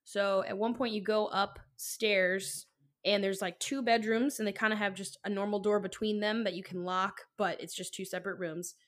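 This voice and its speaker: This podcast co-host, a young woman, shares a personal story in a loose, rambling way, full of fillers and free swearing. Her voice sits at medium pitch with a steady, slightly bright tone at normal speed.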